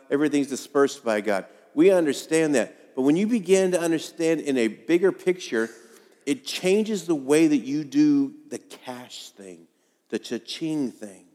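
A pastor in his fifties preaching to his congregation in a relaxed, folksy manner, slipping into jokes about himself. His middle-pitched voice carries a long reverb from the sanctuary. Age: 50s. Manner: conversational, folksy storytelling with self-deprecating humor. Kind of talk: sermon. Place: church sanctuary.

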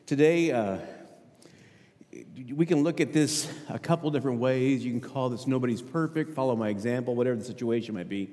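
A man's voice: medium pitch, fairly quick, warm tone. A male pastor preaching a conversational sermon, asking the congregation questions and often repeating his words. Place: church sanctuary. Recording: hall with long reverb. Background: long hall reverb.

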